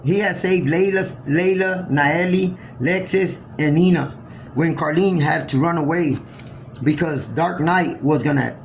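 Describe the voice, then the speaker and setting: A man telling a homemade story aloud, rambling and halting, often restarting his sentences. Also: fairly high pitch, vocal fry, a little hiss or hum. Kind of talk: improvised oral storytelling.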